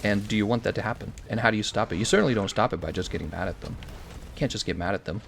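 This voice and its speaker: A man's voice: lowish voice, rapid-fire, creaky, a bit bright, slight background noise. An American man in casual commentary, rambling and opinionated while answering chat questions. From United States. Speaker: streamer.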